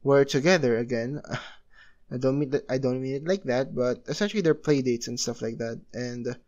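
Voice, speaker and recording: A man's voice: mid-range voice, normal speed, darkish tone, muffled recording. A young man casually narrating a fan story, rambling with many fillers and restarts. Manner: rambling, heavy filler use.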